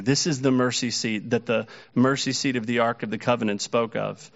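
A man's voice: medium pitch, fairly bright tone, muffled recording. A man preaching a sermon earnestly, his voice rising when he quotes the mockers. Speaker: pastor.

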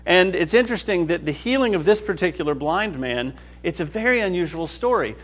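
A man's voice: sits high, expressive, a little fast, fairly bright tone, faint music behind. A man teaching a Bible study class with enthusiasm, often checking whether the group is following. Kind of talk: lively Bible class lecture.

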